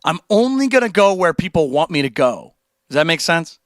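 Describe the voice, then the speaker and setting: A man's voice: fairly high pitch, very animated, fairly quick, dry recording. A young man chatting casually on a livestream, rambling and laid-back, reading viewer messages and answering them. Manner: laid-back, rambling, says dude and like a lot. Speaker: streamer.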